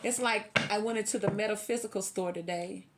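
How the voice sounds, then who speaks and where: A woman's voice: mid-range voice, fairly even intonation, fairly quick, background noise. A woman giving a casual tarot reading, chatty and preachy, laughing often. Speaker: tarot reader.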